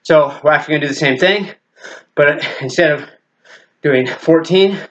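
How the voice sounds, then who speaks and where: A man's voice: fairly high pitch, moderate pace, a bit bright, muffled recording. A man teaching a martial arts workout while doing it himself, counting reps aloud, making punching sounds and catching his breath. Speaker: martial arts fitness instructor. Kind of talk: workout instruction while exercising.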